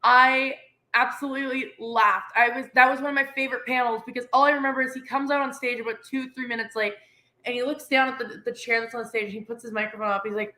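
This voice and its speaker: A woman from Canada chatting casually, telling stories excitedly and acting out the people she quotes. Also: high voice, fast. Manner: excitable storyteller, acts out quoted voices. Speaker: podcast co-host. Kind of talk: casual chat.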